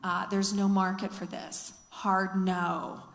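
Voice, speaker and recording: A woman's voice: medium pitch, level tone, slow pace. A woman author giving a candid personal testimony talk in a church hall, telling her story and quoting others. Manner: candid, storytelling, quotes others, laughs between lines. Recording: echoey hall from a distance.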